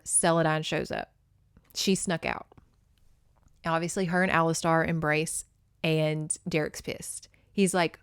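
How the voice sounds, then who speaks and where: Woman podcast host, excitable, profane, chatty, book recap with read-aloud passages, dry close sound. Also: lowish voice, clean tone, no echo.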